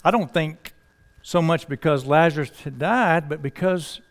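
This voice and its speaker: A man preaching in a relaxed, folksy way, talking to his congregation like neighbors over a fence. His voice sits a little high for a man, and he leans on rhetorical questions to draw people in. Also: a little slow. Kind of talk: sermon.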